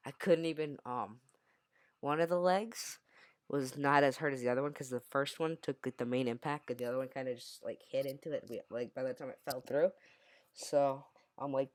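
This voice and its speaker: A man's voice: mid-range voice, fairly even intonation, brisk. A young man telling a childhood story in a casual, rambling way, often correcting himself mid-sentence. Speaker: storyteller vlogger.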